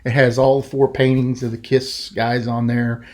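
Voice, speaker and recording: A middle-aged man hosting a podcast, telling a story in a rambling, animated way and acting out the quoted voices. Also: medium pitch, a little slow. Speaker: podcast host. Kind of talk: casual storytelling.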